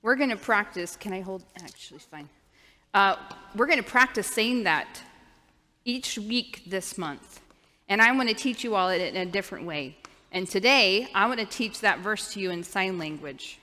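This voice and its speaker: A woman's voice: medium pitch, expressive, moderate pace, bright, forceful tone. A woman leading a children's sermon in a church, patiently coaching the children to repeat after her. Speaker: children's minister. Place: church sanctuary. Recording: long reverb of a church hall.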